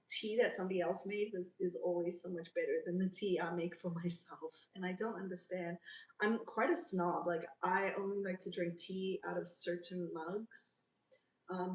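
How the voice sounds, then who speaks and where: Chatting on a casual livestream, a woman from South Africa reads viewer comments aloud and responds to them. She speaks with a fairly low, slightly mellow voice, captured roomily from a distance.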